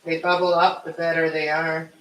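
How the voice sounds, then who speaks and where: A man's voice: on the high side, monotone, normal speed, pushed and bright. A man rambling casually to a live chat as he cooks in his home kitchen, with a camera mic set away from the stove. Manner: rambling, self-correcting, chatty. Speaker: cooking vlogger. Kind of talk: casual live-stream chat while cooking. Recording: echoey kitchen, distant camera mic, faint noise.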